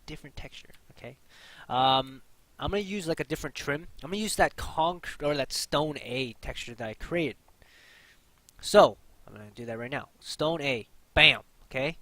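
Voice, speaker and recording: A man's voice: fairly high pitch, moderate pace, a bit bright, no echo, poor audio. A young man hosting a casual 3D modeling tutorial, chatty, with lots of fillers and repeated key points. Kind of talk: casual screen-recorded tutorial.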